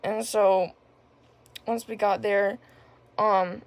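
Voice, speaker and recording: A woman's voice: medium pitch, fairly even intonation, extremely slow, vocal fry. A young woman casually telling a personal story on her vlog, rambling with lots of filler words. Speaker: vlogger.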